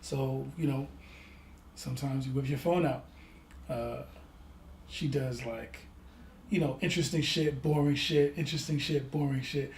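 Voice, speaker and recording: A man's voice: medium pitch, a little slow, pauses often. A man co-hosting a casual podcast chat, telling stories animatedly and acting out the people in them. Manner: animated storyteller, acts out voices in his anecdotes. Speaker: podcast co-host. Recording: echoey room with faint ambient noise.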